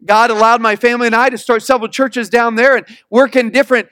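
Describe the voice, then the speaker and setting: A male pastor preaching a sermon, emphatic, calling for responses from the congregation and reading scripture slowly. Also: very high-pitched, flat delivery, a bit bright, smooth, dry recording, clean studio sound.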